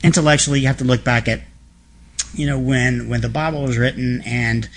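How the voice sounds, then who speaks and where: A man in a relaxed interview, telling personal stories with a feisty, frank edge and a ready joke. His voice sits at an ordinary middle pitch for a man, and he talks with casual, candid humor. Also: fairly quick, slight background noise. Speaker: interview guest. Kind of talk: casual storytelling conversation.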